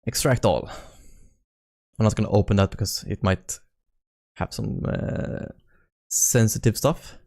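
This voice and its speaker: A young man chats casually on a live stream, rambling and animated with playful swearing. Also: lowish voice, unhurried, gravelly, pauses often. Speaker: indie game developer streaming. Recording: faint music in background.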